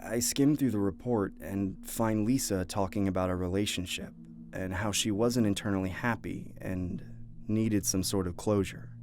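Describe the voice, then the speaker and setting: Male narrator with a lowish voice for a spooky first-person story; steady and measured. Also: soft background music. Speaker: narrator and voice actor. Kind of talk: scripted horror story narration.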